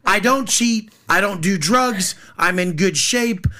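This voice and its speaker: A man in his thirties delivers a blunt, profane rant as a podcast guest. His voice sits high for a man, with a bright, forceful edge. He drives his points confrontationally. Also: expressive, slow.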